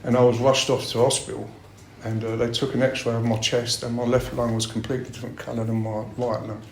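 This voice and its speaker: A man's voice: mid-range voice, little pitch movement, fast, creaky, a little hiss or hum. A middle-aged man giving a blunt personal share at a recovery meeting, swearing a lot as he talks. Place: meeting room. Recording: roomy meeting-room echo.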